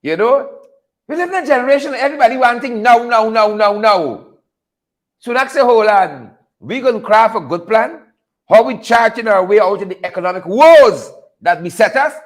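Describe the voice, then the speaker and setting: Very high-voiced Guyanese man riffing. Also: lively intonation, moderate pace. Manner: repetitive, chuckling, calls out viewers by name. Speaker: host of a political commentary show. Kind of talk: casual live commentary reading viewer names.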